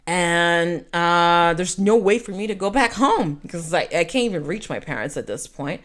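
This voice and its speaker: Lively Québécoise woman telling a story. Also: on the low side, moderate pace. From Quebec. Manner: animated, rambling, self-interrupting. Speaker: storyteller vlogger. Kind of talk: casual storytime.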